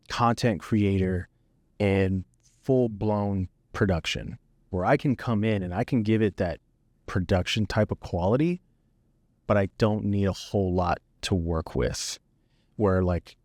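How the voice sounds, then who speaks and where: A man with a deep, low voice talks through his creative work in an easy, unhurried way. The sound is close and dry, with no room around it. He speaks like a guest on a casual podcast. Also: no echo. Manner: relaxed storytelling, easy and conversational. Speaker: guest videographer.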